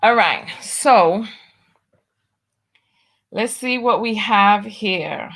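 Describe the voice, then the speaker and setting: A woman's voice: mid-range voice, expressive, extremely slow, gravelly, fairly bright tone. A woman hosting a live stream in a casual chat, reading comments aloud in a drawling, exclamatory way. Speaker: host.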